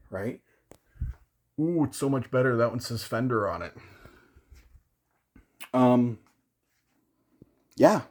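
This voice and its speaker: A man's voice: mid-range voice, a little mellow. A man talking casually to camera about his gear, rambling and self-deprecating, with many fillers and restarts. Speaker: gear vlogger.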